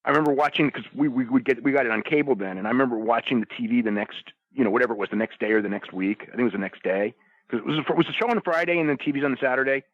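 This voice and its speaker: Man, mid-pitched, casual rambling talker; dry, muffled podcast audio. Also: very fast, dry recording. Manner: rambling, lots of restarts and "you know". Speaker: podcast roundtable guest. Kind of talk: casual chat. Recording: dull lo-fi sound.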